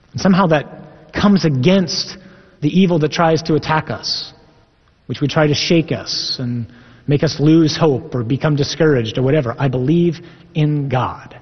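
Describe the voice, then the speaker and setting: Male priest, sermon, husky, fairly high voice, echoey hall, dull lo-fi sound. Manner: earnest, emphatic, reads scripture aloud. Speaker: Catholic priest.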